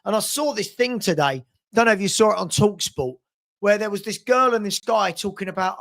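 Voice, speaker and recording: A man's voice: high voice, brisk, vocal fry, fairly bright tone. A man hosting a live fan watchalong, giving blunt and exasperated running commentary on the match and answering viewers' comments from home. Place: at home with a dog.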